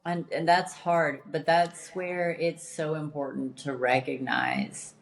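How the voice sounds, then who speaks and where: A woman with a notably low, deep speaking voice hosts a podcast in candid casual chat. She talks emphatically and bluntly and swears freely. Her delivery is direct and firm as she makes her points. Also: animated, slow. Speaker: podcast host.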